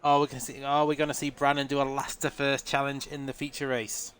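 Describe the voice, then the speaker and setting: A man commentates a live sim-racing stream with a nasal, congested voice from a lingering cold. He keeps a chatty, easygoing tone at a middling pitch, often laughing and replying to his audience. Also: little pitch movement, fast talker, fairly bright tone, smooth. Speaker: race commentator.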